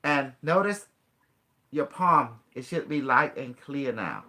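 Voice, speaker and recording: Bright-voiced man coaching a guest. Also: medium pitch, lively intonation, takes it slowly. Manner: instructive, coaxing, laughs often, non-native grammar. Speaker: host teaching a guest. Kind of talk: casual guided demonstration.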